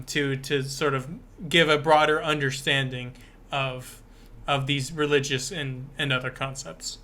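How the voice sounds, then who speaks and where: A man with a bright, forward voice pitched a little high co-hosts a casual book discussion. He explains the story carefully, stopping and restarting his sentences. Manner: explanatory, halting with many restarts. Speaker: podcast co-host.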